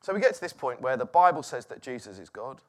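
A man preaching a sermon, moving between loud exclamations and hushed, quiet lines. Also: mid-range voice, sing-song, fast talker.

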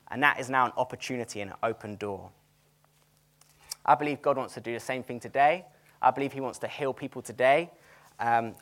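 A man preaching a sermon in a chatty, animated way, telling stories and laughing at them. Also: a little high. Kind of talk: sermon with storytelling. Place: cinema used as a church venue.

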